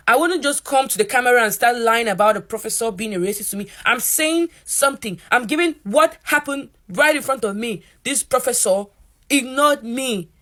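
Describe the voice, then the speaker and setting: A young woman from Africa, a college student, ranting to camera in an animated storytime. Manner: animated, voices quotes in a higher pitch.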